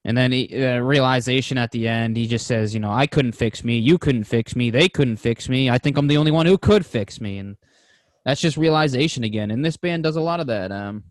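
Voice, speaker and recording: A man's voice: medium pitch, fairly quick, no echo. A young man chatting casually on a podcast, loose and profane, spinning stories with a laugh never far off. His voice sits mid-range and is recorded close and dry, with no room sound. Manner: loose, swearing, storytelling with laughs. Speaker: podcast co-host. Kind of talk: casual chat.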